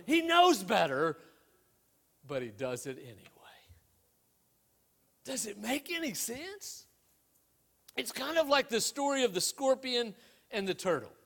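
Delivering a sermon, this pastor weaves in stories and asks rhetorical questions. His voice moves from loud, emphatic moments to quiet, low-spoken lines.

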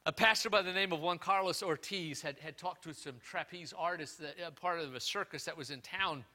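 A man preaching a sermon as pastor, moving from loud emphatic peaks to quiet asides, telling folksy stories with repeated words. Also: on the high side, a little fast.

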